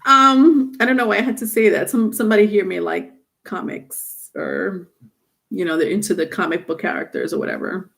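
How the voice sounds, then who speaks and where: A woman's voice: mid-range voice, very animated, moderate pace, vocal fry, fairly bright tone. A woman giving a live-streamed tarot reading, rambling with many fillers and restarts. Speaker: tarot reader.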